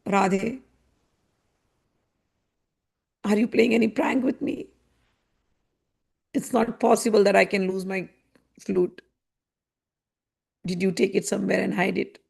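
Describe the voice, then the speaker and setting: A woman's voice: mid-range voice, flat delivery, measured pace, gravelly, long pauses, a little mellow, breathy edge, full character voice. A woman voicing a young male god who pleads tearfully and searches anxiously for his lost flute. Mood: begging. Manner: pleading, tearful, repeated questions.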